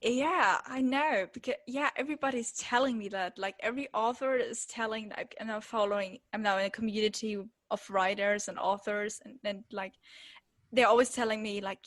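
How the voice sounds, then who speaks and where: A woman's voice: on the high side, normal speed, fairly bright tone, no echo. A teenage girl from Germany, a German native speaker, interviewing a writer in a casual, hesitant and giggly way. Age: late teens. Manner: hesitant, giggly, many fillers.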